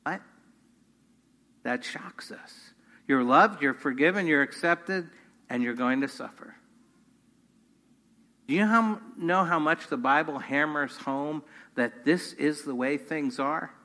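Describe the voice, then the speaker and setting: A man's voice: a little high, slow pace, pauses often, pushed and bright. A man preaching a sermon to his congregation, earnest, rising in force on key points. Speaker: pastor. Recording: long hall reverb.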